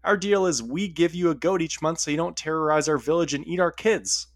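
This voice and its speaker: A stubborn young girl stands up to a monster in high, indignant outbursts, as a man voices her in a spoken story. The voice is pushed well above a normal speaking pitch and sounds dry and close. She is defiant and hard to brush off. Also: a little fast, no echo, lightly acted.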